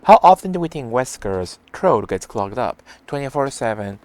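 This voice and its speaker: A man's voice: medium pitch, very animated, moderate pace. A man streaming a video game, chatting casually with his viewers and reading out their messages as he plays. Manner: chatty, reads chat messages aloud and answers viewers. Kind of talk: casual live-stream chat while playing.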